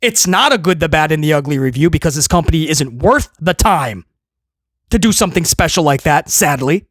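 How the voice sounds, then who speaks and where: A man's voice: a little high, lively intonation, fairly quick, fairly bright tone, no room sound, studio quality. A man hosting a casual video review, ranting in a sarcastic, exasperated way and rambling with many restarts. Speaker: wrestling show reviewer, host.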